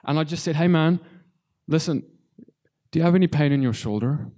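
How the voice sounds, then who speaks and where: Male preacher, tearful testimony, halting delivery, mellow tone, slightly high. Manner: halting, repeats words, addresses congregation. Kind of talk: testimony sermon.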